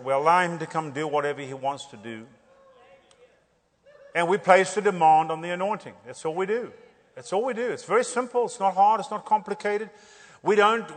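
A man preaching a revival sermon, animated and joking, repeating phrases for emphasis. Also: on the high side, in a large hall.

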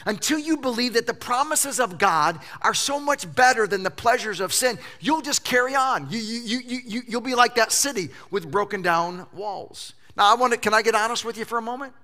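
A male pastor preaching a sermon, telling funny stories in an animated way. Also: extremely high pitch, brisk, hardly any pauses. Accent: Southern US. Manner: animated storytelling with jokes.

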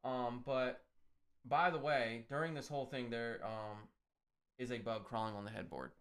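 A man's voice: mid-range voice, steady tone, moderate pace, a bit bright. A man co-hosting a podcast, reviewing a film in casual chat, cursing freely and going through his notes. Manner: profane, reads from his notes. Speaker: podcast co-host.

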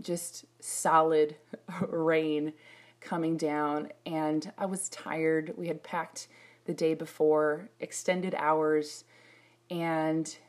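A middle-aged woman preaching a sermon, her voice sitting a little low. She tells personal stories with animation and acts out her own prayers as she goes.

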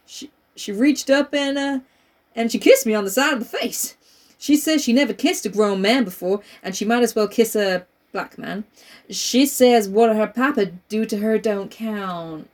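A woman's voice: fairly high pitch, a little mellow, far from the mic, natural voice. Woman doing a scared young witness with a drawl. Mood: pleading. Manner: halting, deferential testimony. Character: frightened young male witness on trial, polite and pleading.

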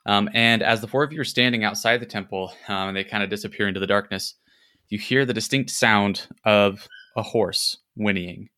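A man's voice: fairly low pitch, fairly even intonation, moderate pace, sharp tone. A man narrating a tabletop game as game master, hesitant and playful, with many fillers.

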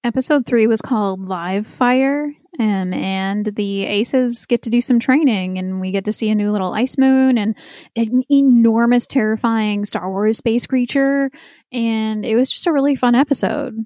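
A woman co-hosting a casual chat podcast, recapping a TV episode in a chatty, animated way and laughing often. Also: on the high side, unhurried, no room sound, studio quality. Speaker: podcast co-host.

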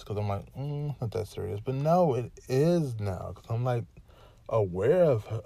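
A man's voice: fairly low pitch, creaky, mellow. A man hosting his own freestyle podcast, venting with exasperation in rambling run-on sentences that sometimes rush and sometimes stretch out. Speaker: podcast host. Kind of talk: solo freestyle podcast rant.

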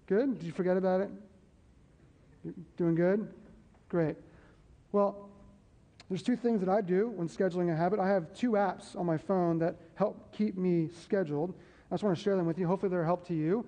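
High-voiced preacher in a reverberant sanctuary. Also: male voice, normal speed, warm tone. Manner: conversational preaching with repeated phrases and audience check-ins. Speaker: pastor. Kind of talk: sermon. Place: church sanctuary. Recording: long hall reverb.

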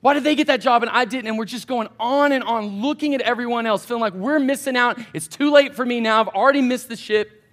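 A man preaching to college students in a church, his voice sitting high for a man. He tells stories in a loose, chatty way and speaks right to the listeners. It sounds like a relaxed sermon. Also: fast talker. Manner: chatty, animated anecdotes addressing the crowd directly. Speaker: college pastor. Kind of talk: casual storytelling sermon.

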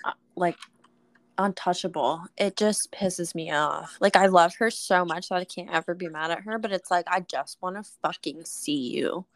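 A young woman co-hosting a podcast, chatting casually, swearing freely and ranting in animated retellings. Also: lowish voice, normal speed, no room sound. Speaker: podcast co-host. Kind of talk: casual chat.

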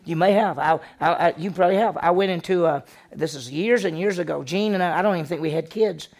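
A man's voice: on the high side, fast talker, a little mellow. A middle-aged male pastor preaching a sermon in a conversational way, often asking his listeners questions. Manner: conversational, asks the audience questions. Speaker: senior pastor.

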